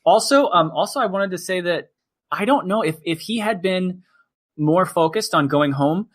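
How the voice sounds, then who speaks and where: A man's voice: high-pitched, expressive, normal speed. A man co-hosting a podcast, talking in a chatty, explanatory way. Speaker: podcast co-host. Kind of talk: casual discussion.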